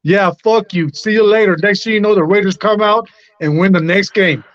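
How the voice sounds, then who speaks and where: A high-voiced man vents bluntly and with plenty of profanity, hammering his points home. The sound is lo-fi and dull, and close and dry. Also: brisk, no echo. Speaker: livestream co-host. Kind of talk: profane casual sports rant.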